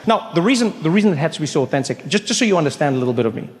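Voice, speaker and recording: A middle-aged man from South Africa doing stand-up comedy storytelling, animated and acting out characters with big pitch jumps, on a large theater stage. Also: very fast, slight background noise. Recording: live hall with long reverb, faint ambience.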